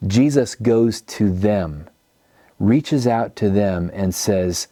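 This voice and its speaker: Mellow low-voiced preacher. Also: male voice, slow pace, no echo, studio quality. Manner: storytelling, acts out quoted speakers. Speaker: pastor. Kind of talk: sermon teaching.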